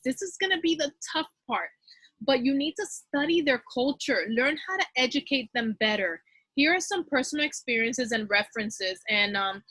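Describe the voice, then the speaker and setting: A woman teacher talking fast and casually to fellow teachers, giving advice in a chatty way. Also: high-pitched, a bit bright, slightly rough, no room sound.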